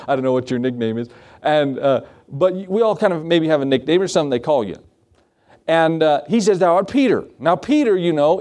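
A male pastor preaching a sermon, animated, often asking the congregation rhetorical questions. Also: medium pitch.

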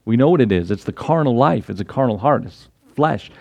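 A man's voice: medium pitch, brisk, gravelly, hardly any pauses, dry recording. A man preaching a sermon in a conversational way, talking straight to his listeners and acting out the lines of people in his stories. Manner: conversational, retells stories with lively acted quotes; talks directly to listeners.

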